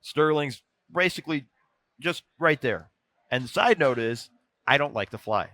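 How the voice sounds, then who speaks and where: A man, a podcast guest, telling stories in a casual chat, animated and quick to restart his sentences. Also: mid-range voice, dry recording. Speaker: podcast guest, former NBA video coordinator. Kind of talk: casual storytelling.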